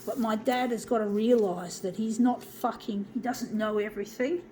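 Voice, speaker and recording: A woman's voice: fairly high pitch, fairly even intonation, normal speed, mellow, a little hiss or hum, low-quality recording. A woman ranting angrily to her viewers as a vlogger, swearing heavily and calling them folks. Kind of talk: angry personal rant to viewers.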